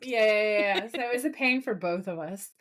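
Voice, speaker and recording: A woman's voice: mid-range voice, fairly quick. A woman co-hosting a podcast, chatting casually and animatedly while recapping a TV episode, swearing now and then. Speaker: podcast co-host.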